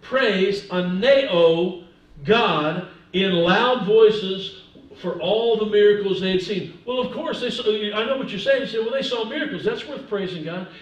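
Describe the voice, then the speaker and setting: A man, an older pastor, preaching a sermon with humor, swinging between soft asides and loud emphasis. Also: sits high, moderate pace, highs cut off. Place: church sanctuary. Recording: echoey church from a distance.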